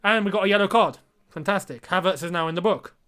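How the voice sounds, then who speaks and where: High-pitched, fast, pushed and bright, a young man's voice carries a live football watchalong. Exasperated and incredulous, he reacts to and commentates on the match as it happens, speaking directly to viewers as lads.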